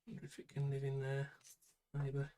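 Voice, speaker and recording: A man's voice: mid-range voice, completely flat delivery, normal speed, dark tone, low-quality recording. A man with a British accent chatting casually to himself and the camera while building a computer, with muttered asides. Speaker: PC builder vlogger.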